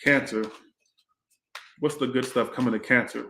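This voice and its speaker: A rambling, chatty man reads tarot on a casual livestream. His voice sits at an average pitch, and he swears freely as he talks. The room around him is echoey. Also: fairly even intonation, moderate pace, sharp tone, slight background noise. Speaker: tarot reader and livestream host.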